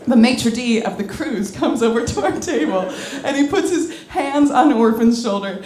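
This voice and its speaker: A woman telling a comic story on stage to a live audience, animated and candid, often laughing as she talks. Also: fairly high pitch, normal speed, reverberant. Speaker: comedic storyteller. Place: club stage before an audience.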